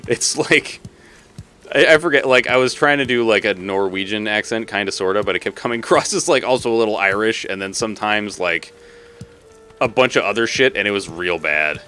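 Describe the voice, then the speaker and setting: A man's voice: fairly low pitch, moderate pace, sharp tone, clean tone, faint music behind. A man from Massachusetts chatting casually on a live stream while gaming, rambling, laughing and swearing freely.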